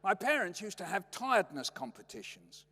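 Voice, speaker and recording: An older British man spins humorous family anecdotes, his pitch swinging in a lively way. His voice sits slightly high for a man. The long reverb of a lecture hall trails after his words. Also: normal speed, slightly rough. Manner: playful, acts out family voices. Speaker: guest lecturer.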